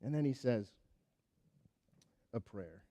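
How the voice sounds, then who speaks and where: A man preaching a sermon, telling a Bible story with lively acted-out voices and then dropping to a quiet, earnest tone. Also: mid-range voice, takes it slowly. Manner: animated storytelling, acting out the characters with big swings in loudness; drops to a quiet, earnest tone when applying the lesson. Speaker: pastor.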